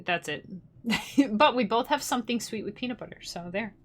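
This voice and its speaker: A woman's voice: on the high side, expressive, moderate pace, fairly bright tone. A young woman musician chatting casually and rambling on a live stream, often breaking into laughter. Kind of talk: casual livestream chat.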